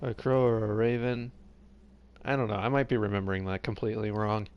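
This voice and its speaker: With a fairly low, clear and resonant voice, a little fast and fairly even in intonation, he streams a game live over dull-sounding audio. Weary and rambling, he reads game text aloud and trails off mid-sentence in his casual commentary.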